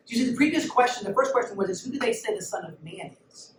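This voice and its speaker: A man's voice: very high-pitched, expressive, fast talker, hardly any pauses. A man preaching a sermon as a youth pastor, with an emphatic manner, urging listeners to look and listen. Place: church youth room. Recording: echoey room, mic at a distance, background noise.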